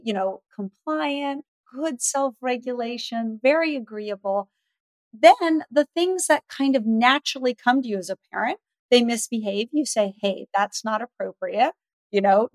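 Woman expert guest, middle-aged, animated storyteller, higher pitch, dead-dry sound. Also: no echo. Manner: animated storyteller, acts out dialogue. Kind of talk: podcast interview.

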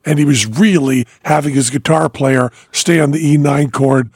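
A man hosts a relaxed interview, teasing his guest with dry questions between stories. His voice is raised a little, gravelly and husky, and the dry sound has no room echo. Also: a little high, moderate pace. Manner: asks questions, tells anecdotes, dry teasing. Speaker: podcast host. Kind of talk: casual interview chat.

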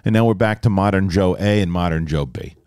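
A man's voice: sits low, brisk, clean tone, dry recording, clean studio sound. A man hosting a casual spoken review, talking animatedly with many restarts and acting out characters' lines. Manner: animated, repeats and restarts words, mimics characters. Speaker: review show host.

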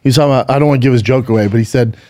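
A man's voice: medium pitch, fairly even intonation, very fast, noisy background. A man co-hosting a podcast, telling rambling stories in casual chat and acting out what people said. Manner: rambling, storytelling with acted-out quotes. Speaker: podcast co-host.

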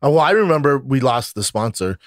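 A man's voice: medium pitch, very animated, a little fast, no room sound. Profane storytelling man, dry close mic. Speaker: podcast co-host. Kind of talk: casual chat, storytelling.

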